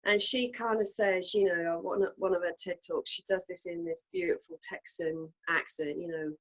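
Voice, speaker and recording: A woman co-hosting a casual reflective chat, talking earnestly with many fillers and pauses. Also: fairly low pitch, steady tone, low-quality recording. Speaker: co-host.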